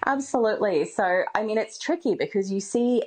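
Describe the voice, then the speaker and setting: A woman, answering as a scientist in a radio interview, explaining in a measured way with casual fillers. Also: mid-range voice, animated, a little mellow. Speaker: seal expert interviewee.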